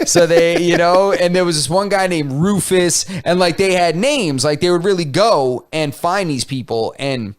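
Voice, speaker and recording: A man co-hosting a podcast, telling a story in a casual, slangy, animated way. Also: sits high, moderate pace, few pauses, clear, resonant tone. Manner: animated storytelling, slangy, lots of "like" and "you know". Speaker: podcast co-host. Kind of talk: casual chat.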